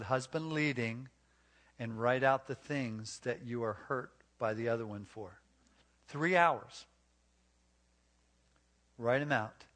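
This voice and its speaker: A man's voice: medium pitch, fairly bright tone. A man speaking at a marriage retreat, preaching emphatically and coaching volunteers through role-play. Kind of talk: sermon-like teaching with live role-play.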